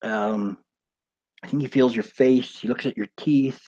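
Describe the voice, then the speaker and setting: A man's voice: mid-range voice, fairly even intonation, measured pace, warm tone, lo-fi sound. A man who used to box, hosting and telling a casual, rambling story with lots of fillers and swearing. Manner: rambling, with many fillers and restarts, swears freely. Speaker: host, former pro boxer.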